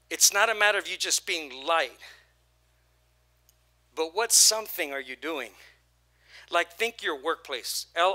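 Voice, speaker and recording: Bright, energetic male pastor preaching. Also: fairly high pitch. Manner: energetic preaching with repeated phrases and call-and-response. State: voice prone to hoarseness. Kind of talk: sermon.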